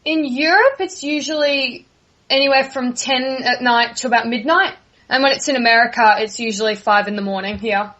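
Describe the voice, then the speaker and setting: A woman's voice: a little high, moderate pace, pushed and bright, dull audio. A young woman from Australia with an Australian accent, answering interview questions casually and in a friendly way, laughing easily. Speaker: guest.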